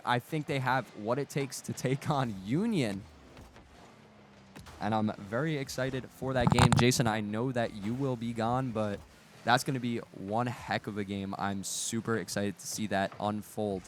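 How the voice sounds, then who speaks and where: A young man casting an esports match, giving excitable play-by-play that jumps into loud cheers. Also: medium pitch, a little slow, faint music behind. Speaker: esports caster. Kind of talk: play-by-play game commentary.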